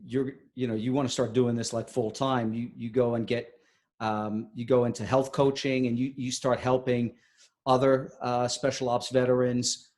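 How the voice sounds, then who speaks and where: A male podcast host who asks questions in a halting, searching way. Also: medium pitch, flat delivery, a little mellow. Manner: stop-start, searching questions. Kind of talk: podcast interview.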